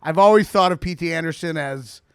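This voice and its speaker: A man hosting a podcast, talking fast and animated with a slight lisp, teasing his guest and laughing often. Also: a little high, smooth, no room sound, clean studio sound. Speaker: podcast host. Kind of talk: casual chat.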